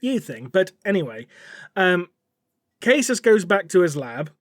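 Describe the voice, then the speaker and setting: A man's voice: high voice, very animated, a little slow, no echo, studio quality. A man on a podcast, casually retelling a story with playful swearing. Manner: playful, swears, acts out characters in quoted dialogue. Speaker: podcast co-host.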